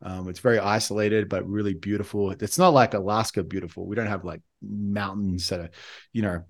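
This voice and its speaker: A man's voice: lowish voice, steady tone, a little fast. A man in his forties with an Australian accent, co-hosting a podcast and talking casually about himself in a rambling, reflective way. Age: 40s. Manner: rambling, reflective, with frequent restarts. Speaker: podcast co-host. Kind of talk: casual conversation.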